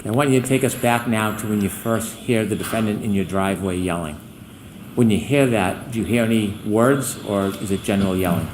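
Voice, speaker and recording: A man, a trial attorney, questioning a witness in court in a measured, methodical way. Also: lowish voice, darkish tone, slight background noise, low-quality recording.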